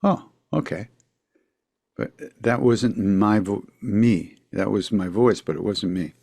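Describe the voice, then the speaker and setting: An older man, telling a story as a podcast guest, reflective, with quiet asides trailing off. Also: fairly low pitch, slow pace, vocal fry, no echo. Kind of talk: storytelling in a conversation.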